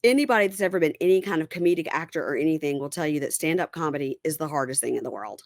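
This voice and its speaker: A woman's voice: deep voice, racing, no echo, studio quality. A woman hosting a casual reality TV recap podcast. She talks frankly and retells scenes by quoting the people in them. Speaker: podcast host.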